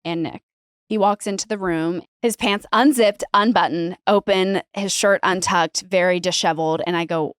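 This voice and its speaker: A woman telling a wedding story in casual chat, animated and swearing freely. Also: lowish voice, moderate pace, no room sound, clean studio sound. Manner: animated, swearing, acts out quoted voices. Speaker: podcast guest, bride telling her wedding story.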